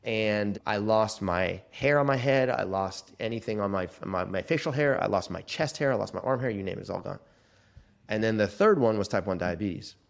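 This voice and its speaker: Man, forties, interview guest, low voice, animated storytelling. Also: moderate pace, gravelly. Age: 40s.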